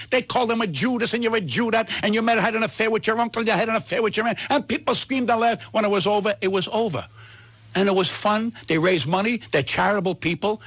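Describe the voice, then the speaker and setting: A man, a comedian guest on a radio talk show, ranting loudly and indignantly with lots of repetition. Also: sits high, slightly rough, no room sound. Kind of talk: heated radio rant.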